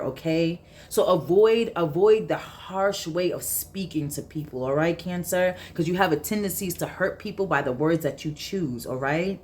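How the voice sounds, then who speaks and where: A woman's voice: fairly low pitch, normal speed, few pauses, darkish tone. A woman giving a casual tarot reading, emphatic and blunt, repeating her points and swearing freely. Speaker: tarot reader.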